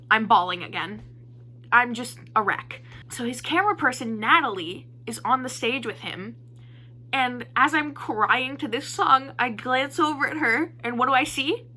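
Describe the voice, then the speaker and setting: A young woman vlogger telling a casual storytime in an animated, excitable way, poking fun at herself. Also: a little high, unhurried. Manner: animated, excitable storytelling with playful self-mockery.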